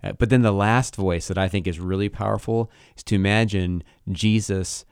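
A man co-hosting a casual faith discussion, talking in a thoughtful, halting way and often restarting his sentences. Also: lowish voice, fairly even intonation, smooth, dry recording, clean studio sound. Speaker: co-host.

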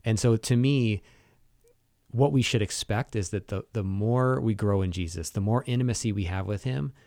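A man in a relaxed faith conversation, speaking earnestly and searching for words with fillers. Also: fairly low pitch, moderate pace, no echo, clean studio sound.

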